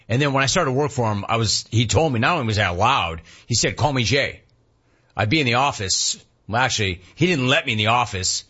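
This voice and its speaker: A man's voice: on the low side, fairly bright tone, slightly rough. A middle-aged man hosting a casual talk show, reading listener messages with playful, wry asides. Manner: wry, playful, jumps between impressions and asides. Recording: dull lo-fi sound.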